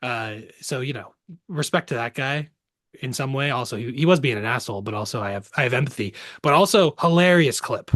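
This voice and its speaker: A man co-hosting a podcast in casual chat, sarcastic and quick to swear, from the Boston area. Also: mid-range voice, dry recording, clean studio sound. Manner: animated, sarcastic, swears freely. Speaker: podcast co-host.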